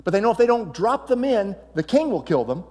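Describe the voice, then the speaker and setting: Animated male pastor preaching in a reverberant hall. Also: high-pitched, a little fast. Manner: animated storytelling, swings between loud and hushed. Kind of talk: sermon.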